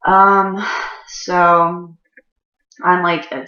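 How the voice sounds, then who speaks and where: Woman storyteller, casual and foul-mouthed, rambling; low voice with a tense edge, slightly muffled roomy recording. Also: steady tone, extremely slow, pauses often, pushed and bright. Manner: profane, rambling, frequent fillers.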